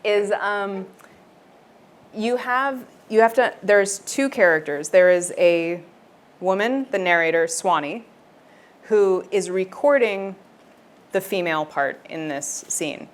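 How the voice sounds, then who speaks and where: An audiobook narrator talking animatedly on stage, laughing often and slipping into character voices while wearing a lavalier mic. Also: female voice, medium pitch, slow pace. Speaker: audiobook narrator, festival guest. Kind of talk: live on-stage conversation with readings. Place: festival stage.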